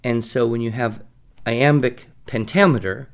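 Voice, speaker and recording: A man co-hosting a podcast, explaining things patiently and reciting verse slowly in rhythm. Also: mid-range voice. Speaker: podcast co-host teaching writing. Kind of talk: conversational teaching.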